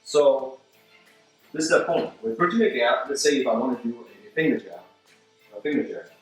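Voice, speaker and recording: A man's voice: medium pitch, normal speed. A man demonstrating martial arts moves, speaking in broken English and repeating words as he shows each move. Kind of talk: demonstration lesson. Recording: roomy echo, mic at a distance, faint music.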